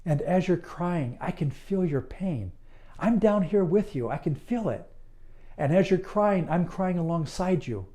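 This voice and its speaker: A man speaking as a certified hypnotist in a slow, earnest promotional monologue, calm and deliberate with long soothing pauses. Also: high voice.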